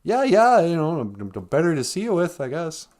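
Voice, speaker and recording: A man voicing a sneaky male wolf disguised as a grandmother, talking in a smooth, mock-polite way. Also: a little high, sing-song, normal speed, darkish tone, voice pushed up. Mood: sly.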